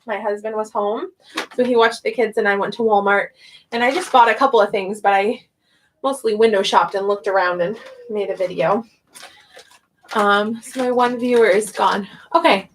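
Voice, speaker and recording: A woman's voice: mid-range voice, normal speed, slight background noise. A young woman, an online English teacher, chatting casually on a livestream and thinking aloud with frequent laughs.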